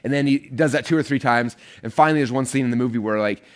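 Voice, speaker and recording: A man teaching an online course, talking extremely fast in an energetic, rambling way. His voice sits at an ordinary pitch, and he fills his sentences with casual asides. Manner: energetic, rambling, many fillers. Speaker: online marketing course instructor.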